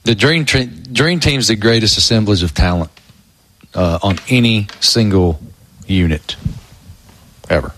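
Low-voiced man co-hosting sports radio. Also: a little slow, pauses often, a bit bright. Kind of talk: casual sports talk.

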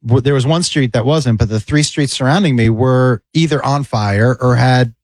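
A man telling a story in a casual radio chat, acting out other people's lines in a higher voice. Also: moderate pace, dry recording. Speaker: podcast co-host.

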